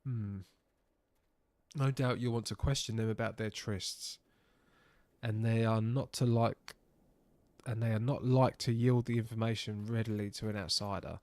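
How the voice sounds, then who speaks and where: A man's voice: on the low side, steady tone, a little mellow, dry recording. A man voicing a grave old resistance leader. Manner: solemn, measured reading. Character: weary older male resistance leader, grave.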